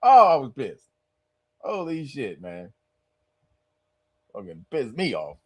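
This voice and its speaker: A man's voice: medium pitch, slow pace. A man hosting a podcast, ranting in casual commentary with lots of profanity and frequent laughter. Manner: animated, profane, laughs often while ranting. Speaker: podcast host.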